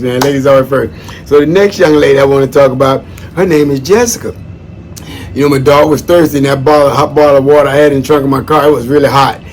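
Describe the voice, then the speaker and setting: Chatty man rambling through shout-outs. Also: medium pitch, a little hiss or hum. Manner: chatty, folksy, digressive, calls listeners "man". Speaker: vlogger giving shout-outs; former social worker. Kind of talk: casual rambling monologue.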